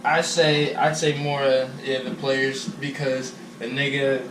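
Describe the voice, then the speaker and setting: A man's voice: medium pitch, level tone, measured pace, background noise. A young man co-hosting a podcast, talking in loose, profane slang and laughing often. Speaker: podcast co-host. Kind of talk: casual chat. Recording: echoey room, far from mic.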